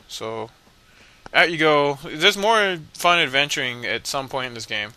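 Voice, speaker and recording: A man's voice: mid-range voice, lively intonation, a little fast, gravelly, pushed and bright. A man casually commentating a video game playthrough, rambling and mumbling with lots of fillers and irreverent jokes. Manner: joking, irreverent. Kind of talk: casual let's play commentary.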